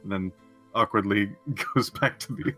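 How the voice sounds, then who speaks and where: A man's voice: fairly low pitch, measured pace, bright, forceful tone, soft background music. A man playing a tabletop game, chatting casually in a giggly, tentative way. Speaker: player.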